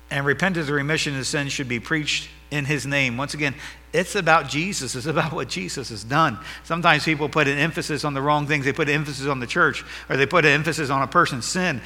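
Male pastor mid-sermon, high bright voice in a reverberant hall, emphatic rises and drops. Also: brisk. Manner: preaching with rising and falling emphasis.

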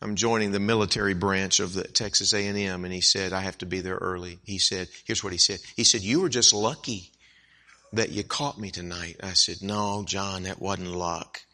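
Bright-voiced man preaching a story. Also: low voice, moderate pace. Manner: animated storyteller who acts out dialogue, rising to emphatic peaks. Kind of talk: sermon storytelling.

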